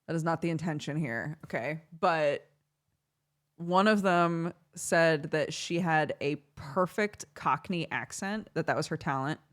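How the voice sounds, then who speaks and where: A woman's voice: deep voice, measured pace. A young woman streamer chatting casually, telling a story with lots of laughter. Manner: giggly, animated storytelling with frequent laughter. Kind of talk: casual chat on a livestream.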